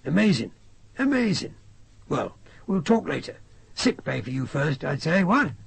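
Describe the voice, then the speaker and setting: Man putting on a posh army officer, clipped and sharp, pitched up, gravelly. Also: big pitch swings, unhurried, full character voice. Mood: brisk. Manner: clipped, sharp, precise, tags "what?". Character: brisk pompous British officer, older man.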